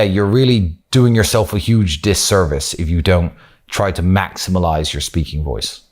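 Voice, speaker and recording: A man's voice: low-pitched, darkish tone. A man with a British accent giving frank, opinionated advice on speaking and vocabulary, now and then swearing for emphasis. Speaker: course presenter. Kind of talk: motivational advice talk.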